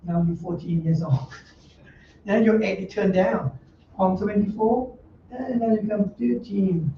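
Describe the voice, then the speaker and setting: A monk with a high, gravelly male voice talks at a slow pace while teaching a Dhamma class in a meditation center hall. The informal dharma talk is blunt and joking, in broken English mixed with laughter. It's recorded roomy and distant on a dull mic with faint noise.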